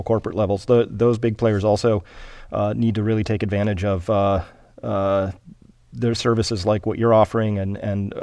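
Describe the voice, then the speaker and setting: A man hosting a radio interview, feeling his way through his questions with pauses and restarts. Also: lowish voice, a little mellow, no echo. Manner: hesitant, many fillers and restarts while framing questions. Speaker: interviewer host.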